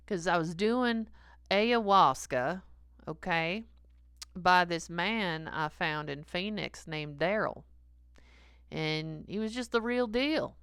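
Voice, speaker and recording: Sleazy middle-aged preacher guy a woman doing him, rambling real slow with tons of uhs, kinda low voice. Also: a bit bright, clear, resonant tone, no echo, clean studio sound, full character voice. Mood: excited. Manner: rambling and hesitant, full of fillers, chuckling at himself. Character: degenerate 48-year-old male pastor, sleazy and confessional. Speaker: comedic character sermon. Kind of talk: stream-of-consciousness comic sermon.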